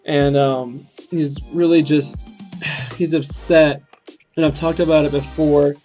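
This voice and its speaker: Young guy breaking down song lyrics, kinda high flat voice, earnest, lots of ums, faint music behind. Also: takes it slowly. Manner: earnest and reflective, with frequent ums and restarts. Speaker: reaction video host. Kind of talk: casual spoken commentary on song lyrics.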